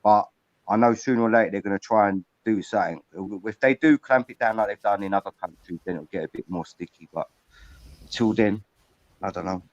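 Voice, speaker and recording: A man's voice: on the low side, a little fast, dry recording, highs cut off. A man chatting on a livestream panel, blunt and swearing freely as he talks in bursts. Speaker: panel guest. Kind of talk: casual livestream chat. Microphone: video call.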